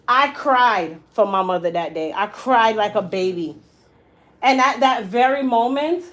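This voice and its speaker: A woman's voice: fairly high pitch, rough recording. A woman hairstylist telling a personal story in a casual, emphatic way while working in her salon. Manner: animated, emphatic storyteller who acts out quotes. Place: hair salon.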